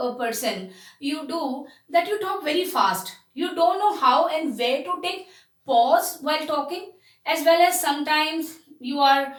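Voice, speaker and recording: Woman teacher, high voice, explanatory delivery with fillers; recorded off-mic in an echoey room. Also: a bit bright, distant mic. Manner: explanatory, with frequent fillers and restarts. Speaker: communication skills teacher. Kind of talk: spoken lesson.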